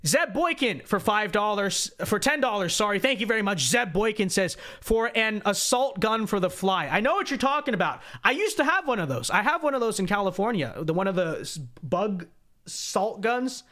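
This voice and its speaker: High-voiced chatty man. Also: expressive, moderate pace, sharp tone. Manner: chatty, repeats phrases, frequent "okay?" asides. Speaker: political livestream host. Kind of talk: casual livestream talk, reading viewer donations.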